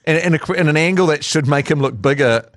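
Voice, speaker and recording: A man with a New Zealand accent co-hosting a sports podcast, chatting in a joking, animated way with crude humour. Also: on the high side, a little fast, dry recording. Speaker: podcast co-host. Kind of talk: casual sports banter.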